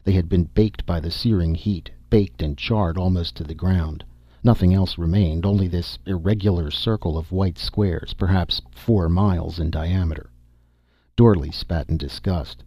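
A man narrating a science fiction audiobook in a steady storytelling manner. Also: deep voice, moderate pace, no room sound. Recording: dull dry recording.

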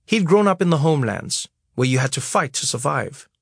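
Male narrator, slightly high, husky, wry storytelling read. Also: lively intonation, brisk, no echo, studio quality. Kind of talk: audiobook memoir reading.

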